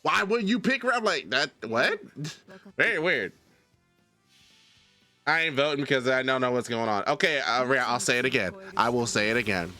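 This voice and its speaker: A man's voice: medium pitch, animated, moderate pace, long pauses, sharp tone, faint music behind. A man streaming live, chatting casually and arguing a point with his chat, addressing viewers by name.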